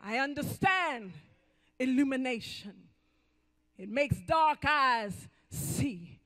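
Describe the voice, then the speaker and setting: A male pastor preaching emphatically, swinging between loud calls and quiet asides. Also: very high voice, expressive, slow pace. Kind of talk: sermon.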